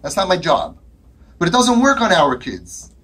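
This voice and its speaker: Emphatic husky-voiced man lecturing. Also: high-pitched, huge pitch swings, normal speed, a bit bright. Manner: emphatic, rhetorical questions, acts out dialogues. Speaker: speaker addressing an audience. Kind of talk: impassioned talk to a live audience.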